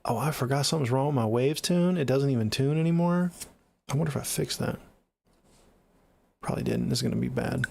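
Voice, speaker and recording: A man's voice: medium pitch, quick pace, gravelly, a little mellow. A young man with a Seattle accent chatting casually on a livestream, reading viewer comments in a laid-back, joking, profane way. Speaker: livestreaming music producer.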